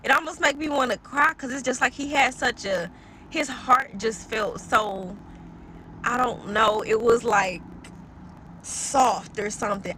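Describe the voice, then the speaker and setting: A woman's voice: a little high, fairly bright tone, a little hiss or hum. Woman telling her story to the camera, earnest and rambly, keeps saying y'all, faint cars humming behind. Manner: earnest and rambling, often trailing off and addressing viewers as "y'all". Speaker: storyteller sharing a personal faith story. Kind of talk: casual spoken testimony to followers.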